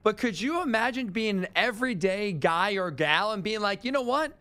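A man's voice: sits high, moderate pace, sharp tone. A man hosting a sports talk radio show, telling stories with incredulous, ranting energy.

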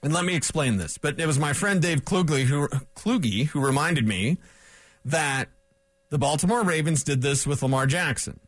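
Chatty sports host, dry close sound. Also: male voice, fairly high pitch, normal speed, dry recording. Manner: chatty, animated, uses quoted asides. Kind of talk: casual sports talk monologue.

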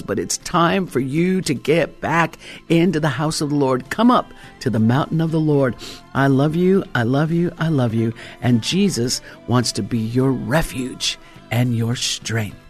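A woman pastor preaching a fervent, exhorting sermon, her voice leaping up in pitch for emphasis. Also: a little mellow.

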